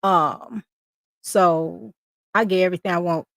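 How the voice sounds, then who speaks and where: A woman's voice: on the low side, measured pace, creaky, dry recording. A married woman speaking as a panel guest in casual chat, confident and emphatic.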